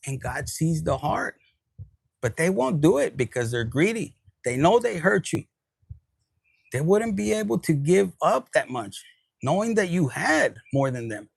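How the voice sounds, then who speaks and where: Gravelly man giving a casual tarot reading. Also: fairly high pitch, sing-song, unhurried, no echo, low-quality recording. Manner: casual, profane, mixes in Spanish words. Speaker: tarot reader. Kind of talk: spiritual reading monologue.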